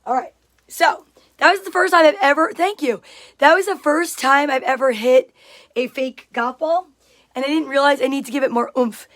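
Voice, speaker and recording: A woman's voice: sits high, moderate pace, a bit bright. A woman chatting casually on a livestream, greeting viewers by name and reading out their comments. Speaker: livestream host.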